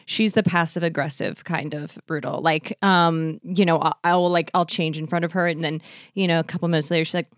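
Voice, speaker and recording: Low-voiced, joking woman podcast guest. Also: steady tone, brisk, no echo, studio quality. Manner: joking storyteller, drops into playful asides. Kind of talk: casual chat.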